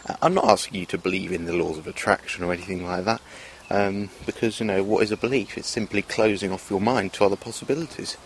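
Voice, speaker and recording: A man's voice: low voice, fast, few pauses, slight background noise. A man talking to camera in a rambling, hesitant monologue, full of fillers and restarts. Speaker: vlogger. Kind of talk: casual self-filmed monologue.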